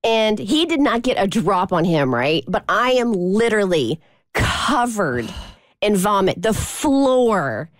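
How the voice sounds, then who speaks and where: A woman's voice: medium pitch, takes it slowly, no echo, clean studio sound. A woman co-hosting a radio show, telling a funny story in a casual way and acting out the voices of the people in it. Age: adult mother of a toddler. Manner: animated, acts out voices in her stories. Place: radio studio.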